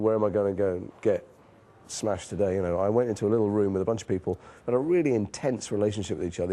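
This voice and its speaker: A man's voice: fairly low pitch, dark tone. A man in his forties with a northern English accent, telling frank, self-deprecating stories in an interview. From northern England. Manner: frank, self-deprecating storytelling with casual swearing. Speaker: actor being interviewed. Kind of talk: reflective interview anecdotes.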